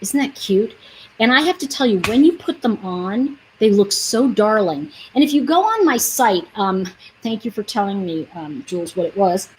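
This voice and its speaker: A woman's voice: medium pitch, sing-song, normal speed, darkish tone, a little hiss or hum, poor audio. Chatty woman selling nail polish. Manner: chatty, rambling, reads out viewer comments. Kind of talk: casual livestream chat with viewers.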